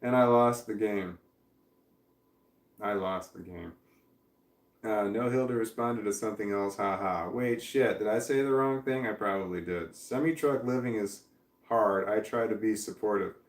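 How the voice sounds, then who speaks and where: A man with a lowish voice chats casually on a livestream at a normal speed, reading viewer comments out loud, rambling, laughing often and swearing freely. He sounds like an adult parent, and the distant mic gives the audio a roomy feel.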